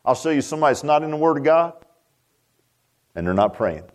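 Man, pastor, folksy sermon, high voice, animated delivery. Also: fairly quick. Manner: folksy, animated preaching with stammered restarts. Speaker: Baptist pastor.

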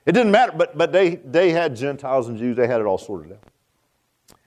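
A man's voice: medium pitch, very animated, normal speed, darkish tone. A man preaching a sermon, folksy and joking, often asking the congregation questions. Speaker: pastor.

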